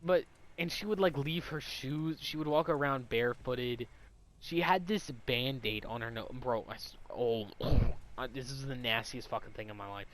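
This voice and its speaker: A man's voice: mid-range voice, moderate pace, fairly bright tone. A young adult man telling a personal story in a casual, rambling, heavily profane way.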